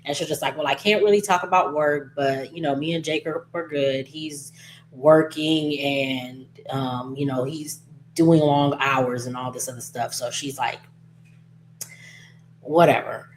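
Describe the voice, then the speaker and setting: A woman's voice: low-pitched, a little slow, slight background noise. A woman casually recapping a soap opera episode, chatty and gossipy, acting out lines and laughing as she goes.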